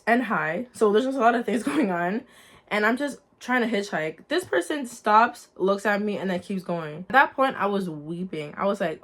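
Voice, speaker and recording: A woman's voice: medium pitch, moderate pace. A young adult woman sharing a personal faith testimony in a casual, earnest storytelling way, talking straight to her viewers. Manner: earnest, lively storytelling, addresses viewers as guys.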